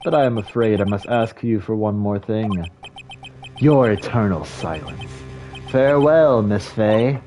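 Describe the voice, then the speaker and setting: A man voicing a pompous villainous gentleman who speaks slowly and with grand, overly polite menace. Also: fairly low pitch, natural voice. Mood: menacing.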